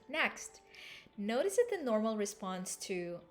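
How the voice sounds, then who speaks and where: A woman teaching an English lesson at a slow, careful pace. Her voice sits a little high. She explains and repeats phrases to demonstrate intonation, with faint music behind her. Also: expressive. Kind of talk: language lesson.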